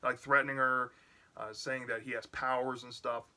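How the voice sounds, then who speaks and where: A man's voice: medium pitch, flat delivery, moderate pace, sharp tone. A man giving a casual, chatty recap of a book's plot for a review, often checking in with "right?". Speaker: book reviewer.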